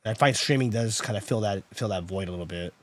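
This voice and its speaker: A man streaming live, chatting with viewers while venting his frustration as he troubleshoots his software. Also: lowish voice, fast. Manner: frustrated, exasperated, swings between loud outbursts and muttering. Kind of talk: casual live-stream chat.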